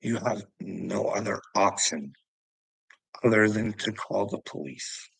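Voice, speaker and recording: Man, middle-aged, ranting vlog monologue, agitated, profane, gravelly, dry sound. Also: on the low side, slow, no room sound, low-quality recording. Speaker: vlogger.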